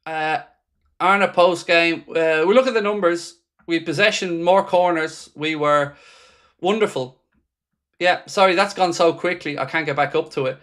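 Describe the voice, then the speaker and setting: A man's voice: on the high side, moderate pace, fairly bright tone. A man with a slightly raised voice hosts a live football watchalong from a home streaming setup. He reads viewer messages aloud and answers each one with dry, sarcastic fan commentary. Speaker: watchalong host.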